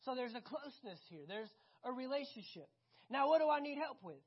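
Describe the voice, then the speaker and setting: A woman preaching a sermon, animated and conversational, often asking the congregation questions. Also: high-pitched, fairly quick, husky, dull audio.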